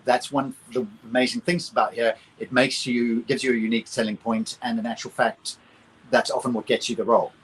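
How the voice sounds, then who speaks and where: A man's voice: mid-range voice, level tone, fairly quick, slight background noise, poor audio. A man with a British accent, an actor speaking as a guest in a casual interview, explaining things at length. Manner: thoughtful, explanatory. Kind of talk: conversational interview.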